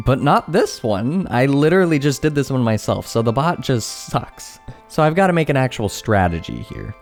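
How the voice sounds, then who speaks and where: A young man narrating a comedic tech vlog, animated and exclaiming, bantering with himself, with faint music behind. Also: medium pitch. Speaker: YouTube creator.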